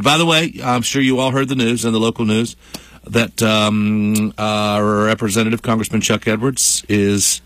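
A man's voice: fairly low pitch, fairly even intonation, moderate pace, a bit bright, dry recording. A man co-hosting a local morning radio show, chatting casually and upbeat, often trailing off mid-sentence. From Western North Carolina. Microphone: studio microphone. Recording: dry close studio sound.

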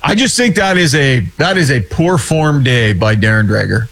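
A man's voice: medium pitch, animated, moderate pace, fairly bright tone. A man telling an exasperated, rambling story in casual chat over a video call. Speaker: hockey podcast co-host and weekly guest.

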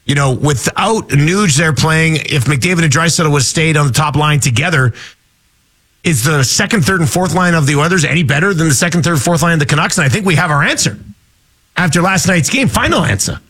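A man hosting a morning sports talk show from a radio studio. His voice sits a touch high, and he keeps things chatty and quick, tossing out listener texts between rounds of banter. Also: fairly bright tone, husky.

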